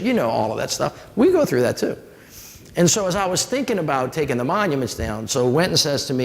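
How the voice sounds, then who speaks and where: A man from New with a drawl, his voice gravelly and mid-pitched. He holds a live audience with folksy, animated stories and acts out the people in them. The sound carries a long hall echo. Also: fairly quick. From New Orleans. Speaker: former mayor giving a public talk. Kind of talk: storytelling talk to a live audience.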